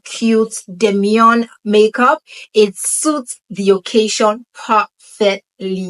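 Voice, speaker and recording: Gushing young woman reviewing glasses. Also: medium pitch. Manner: enthusiastic, repeats "it's giving" and "really, really". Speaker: beauty vlogger. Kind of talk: product review try-on.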